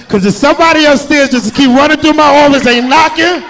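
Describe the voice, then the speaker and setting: High-voiced animated stand-up comedian. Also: male voice, fairly quick, a little hiss or hum. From New Jersey. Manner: animated storyteller, jumps to loud shouted bits. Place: comedy club stage with audience laughter.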